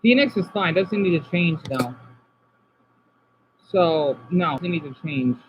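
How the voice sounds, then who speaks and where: A man from Arizona streaming casually, reading chat comments aloud and reacting, moving between subdued talk and excited outbursts. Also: a little high, takes it slowly, dull audio, slight background noise.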